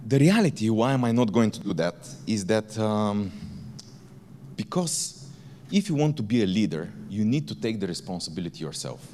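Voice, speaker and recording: A man's voice: lowish voice, expressive, moderate pace, darkish tone, a little hiss or hum. A man, a company founder, giving a candid keynote talk in a conference hall, with blunt language. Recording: reverberant conference hall, faint ambience.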